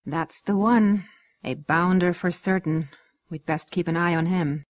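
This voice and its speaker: A woman voicing a portly middle-aged English gentleman who talks slowly, loudly and with bluster. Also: on the low side, dry recording, lightly acted. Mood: gruff.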